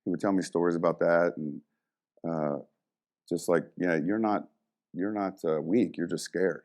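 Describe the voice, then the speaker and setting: Man, low voice, middle-aged, lively storyteller, casual interview. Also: moderate pace. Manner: animated storyteller, acts out quoted voices. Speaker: guest, former college strength coach.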